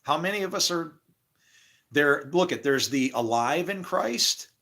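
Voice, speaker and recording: Animated man rambling about faith. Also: on the high side, a little slow. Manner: swears freely, acts out imagined dialogue, laughs often. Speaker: spiritual speaker. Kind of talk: rambling casual monologue.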